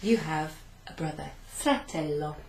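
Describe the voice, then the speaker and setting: A woman teacher reviews a beginner class in a slow, patient way, repeating phrases and turning to write on a board. Her voice sits a little low. The room adds a noticeable echo and a faint hum underneath. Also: gravelly, darkish tone. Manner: writes on a board while talking, turning away at times. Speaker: language teacher. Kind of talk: recap of a beginner Italian class.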